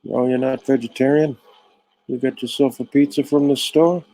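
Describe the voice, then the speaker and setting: A man's voice: medium pitch, fairly even intonation, moderate pace, warm tone, rough recording. A man rambling through a sarcastic comic monologue.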